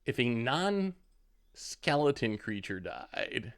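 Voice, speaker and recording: Male streamer, casual game commentary with a very animated, up-and-down pitch, talks through each play. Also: takes it slowly, clear, resonant tone. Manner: thinks aloud, chats with viewers. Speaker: streamer playing a card game.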